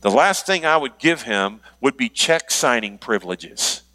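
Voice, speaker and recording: Middle-aged man, pastor, bright voice, animated storytelling sermon. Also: medium pitch, a little slow. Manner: storytelling, animated, jokes with congregation.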